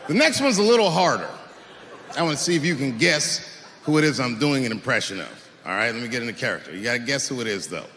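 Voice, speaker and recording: A man doing stand-up comedy on stage, loud and full of swearing, shouting at the audience, recorded in an echoey hall with a live crowd. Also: mid-range voice, big pitch swings, fairly quick. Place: large venue on stage.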